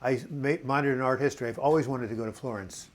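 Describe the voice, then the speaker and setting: A man's voice: mid-range voice, steady tone, quick pace. A man hosting a casual live video chat, reading out viewers' comments and answering them in a rambling, encouraging way. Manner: chatty and rambling, reads viewer comments aloud; encouraging, addresses viewers as boys and girls.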